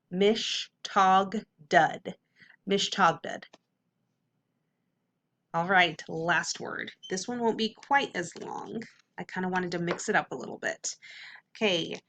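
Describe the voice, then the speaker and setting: A woman's voice: medium pitch, a bit bright, a little hiss or hum. Upbeat woman teacher sounding out syllables. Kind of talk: phonics lesson to students.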